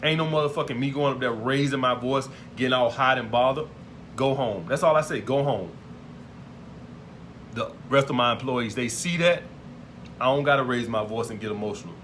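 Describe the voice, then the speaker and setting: A man's voice: medium pitch, fast, fairly bright tone, slight background noise. A man, giving blunt dating advice in a profane monologue and repeating his points emphatically. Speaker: dating advice video host.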